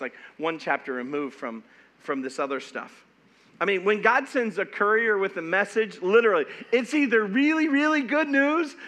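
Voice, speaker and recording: A middle-aged pastor preaching a sermon in an animated, emphatic way, often stumbling and repeating words as he goes. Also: high-pitched.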